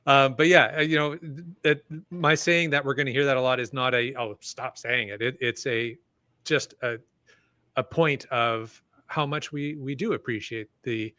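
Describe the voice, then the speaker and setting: A man's voice: mid-range voice, moderate pace, bright, forceful tone, dry recording. A man co-hosting a casual podcast, reading listener comments and chatting in an easygoing way with plenty of fillers. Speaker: podcast co-host. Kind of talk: casual chat.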